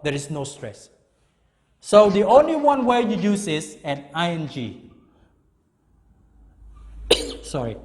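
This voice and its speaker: An English teacher with a high, lively male voice gives a classroom grammar lesson, moving slowly and emphatically and repeating key words on each point. A long hall reverb lingers after his words.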